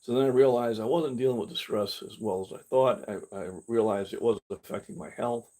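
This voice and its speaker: A man's voice: medium pitch, steady tone, a little fast, mellow. An older man hosting a fitness channel, talking candidly in a rambling live-stream, with many restarts. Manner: candid, meandering, with frequent restarts; acts out his own past reactions in a mocking voice. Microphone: camera he carries himself.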